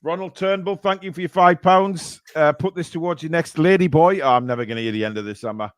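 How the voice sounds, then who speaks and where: Talking at a quick pace in a slightly high voice, a man hosts a casual charity live stream and reads donations aloud. Cheeky comments make him laugh, and he treats super chats with mock outrage; there's no echo.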